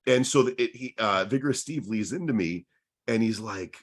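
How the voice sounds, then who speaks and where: Young guy cohosting a podcast, low voice, telling a story and doing everyone's lines. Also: lively intonation, moderate pace. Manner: long anecdote full of acted-out quoted dialogue. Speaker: podcast co-host. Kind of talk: casual storytelling.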